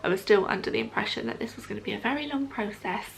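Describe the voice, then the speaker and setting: A woman's voice: medium pitch, lively intonation, very fast, creaky. A young adult woman telling a personal story to camera in a chatty, casual way, with frequent ums, often quoting what others said. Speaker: vlogger.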